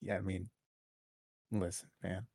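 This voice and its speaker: A young man co-hosting a podcast, joking in a dry, deadpan way. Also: low voice, a little slow, creaky, husky, no room sound. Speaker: podcast co-host. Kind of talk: casual chat.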